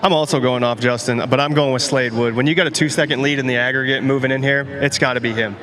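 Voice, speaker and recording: A man analyst in a casual panel chat, talking with rapid, enthusiastic hype. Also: medium pitch, fairly even intonation, crowd noise. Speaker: rodeo analyst.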